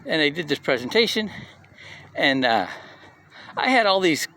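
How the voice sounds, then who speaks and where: His voice sits on the high side, swinging widely in pitch at normal speed and sounding pushed and bright. A middle-aged man at a community live session, he delivers a casual motivational talk of personal stories, told loosely and punctuated by frequent "right?" check-ins.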